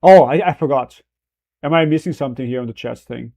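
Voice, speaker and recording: A man's voice: mid-range voice, fairly quick, vocal fry, warm tone. A man chatting casually on a livestream, rambling, restarting and correcting himself as he goes. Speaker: streamer.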